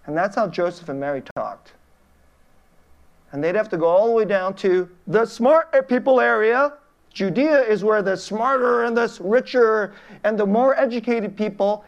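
A middle-aged woman pastor gives a relaxed children's sermon before a church congregation. She speaks in a mid-range voice, poses questions to the kids and laughs often as she explains. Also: mid-range voice, muffled recording. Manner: chatty, informal, asks questions, laughs often.

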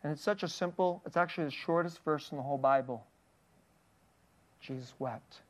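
An earnest preacher delivering a sermon to a congregation, reading verses aloud and then unpacking them. The voice sits at a middling pitch and keeps sinking into a soft, hushed tone to stress a point. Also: normal speed.

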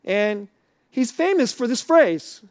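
A man's voice: extremely high pitch, very animated, slow pace, no room sound, clean studio sound. A man preaching a sermon to a live audience in a conversational, questioning way.

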